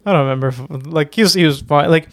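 A man's voice: fairly high pitch, rapid-fire, a bit bright. A man chatting casually in a rambling way, with many fillers and restarts. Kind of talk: casual chat.

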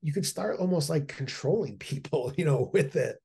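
A man's voice: on the high side, expressive, normal speed, creaky, dark tone, breathy edge. A middle-aged man talking as a podcast guest, eager and rambling, with frequent restarts and repeated words. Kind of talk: casual podcast conversation.

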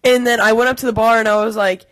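A woman's voice: fairly high pitch, fairly even intonation, quick pace, a bit bright. A young American woman in casual podcast chat with friends, rambling and swearing, full of "like". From United States. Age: young adult. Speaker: podcast co-host.

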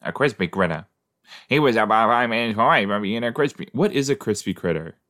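A man's voice: lowish voice, animated, a little fast, fairly bright tone. A man hosting a podcast, chatting casually as he reacts to an episode he is watching, with frequent exclamations and groans of disgust. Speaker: podcast host.

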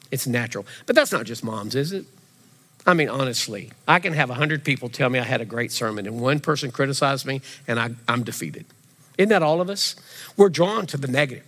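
Preaching pastor in a reverberant hall. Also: male voice, medium pitch. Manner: animated preaching, swings from loud emphasis to quiet intensity. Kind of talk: sermon. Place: church sanctuary.

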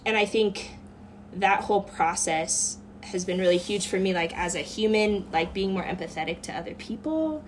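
A woman's voice: mid-range voice, moderate pace, a little hiss or hum. A woman guest on a podcast, earnestly telling a personal story in a casual chat, with many fillers.

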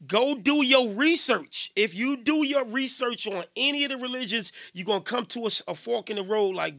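A middle-aged man hosting a radio show, talking in a casual, preachy monologue that swings between loud emphasis and quiet, repeating himself as he goes. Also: extremely high pitch, expressive, normal speed, no echo, studio quality. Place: radio station studio.

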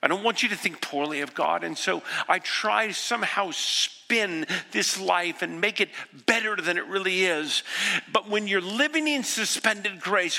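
A pastor in his sixties delivering an earnest sermon, moving from hushed, quiet passages to impassioned ones. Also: high-pitched, moderate pace, vocal fry. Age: 60s. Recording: echoey hall with long reverb.

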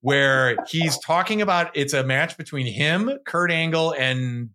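A man co-hosting a casual podcast, talking with a bright, forceful edge. He laughs often and trips over his own words, starting sentences again in quick bursts. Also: fairly high pitch. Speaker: podcast co-host. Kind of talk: casual chat.

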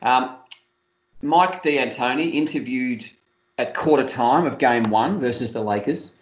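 A man co-hosting a casual sports chat, relaxed and unhurried, with frequent hesitations and dry humour. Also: medium pitch. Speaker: podcast co-host. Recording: roomy, muffled lo-fi audio.

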